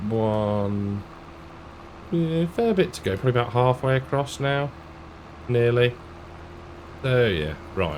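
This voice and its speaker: Low-voiced british guy chatting through a farming game, slow and bouncy, faint game engine hum behind. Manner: chatty, self-mocking, with frequent ums and laughs. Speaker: gaming channel host. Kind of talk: casual gameplay commentary.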